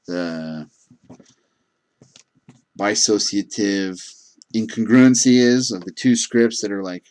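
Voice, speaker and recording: A man's voice: lowish voice, takes it slowly, darkish tone, clear, resonant tone. A man working as a gas station clerk, telling rambling casual stories with lots of fillers. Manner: rambling, many fillers and restarts. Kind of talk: casual storytelling.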